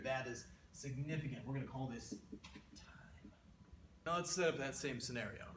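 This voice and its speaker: A man's voice: medium pitch, a little hiss or hum. A man giving a comedic mock economics lecture, playful and rambling with exaggerated asides. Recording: roomy echo.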